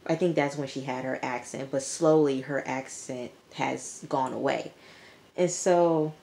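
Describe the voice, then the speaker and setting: A woman giving a chatty, animated recap of a TV episode to her viewers, talking to them directly. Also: rumbling low, measured pace, vocal fry, slight background noise. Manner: chatty, animated storytelling, addresses viewers as y'all. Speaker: TV episode reviewer. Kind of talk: casual recap vlog.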